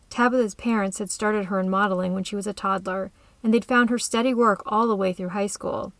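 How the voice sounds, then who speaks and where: Woman story reader, calm and even delivery, dry close recording. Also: mid-range voice, brisk, few pauses, no echo. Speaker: narrator. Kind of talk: scripted story narration.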